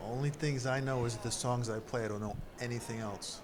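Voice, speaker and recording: A man's voice: medium pitch, steady tone, fairly quick. A man guest on a convention panel giving short, plain-spoken answers. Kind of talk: casual chat on a convention panel. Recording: loud crowd noise.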